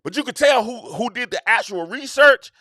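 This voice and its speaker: Riffing on his own show, this host speaks in a high, expressive voice that ranges widely in pitch and carries a bright, tense quality. His casual monologue is slangy, emphatic, and repetitive, delivered at normal speed. It's recorded close and dry, with no audible room.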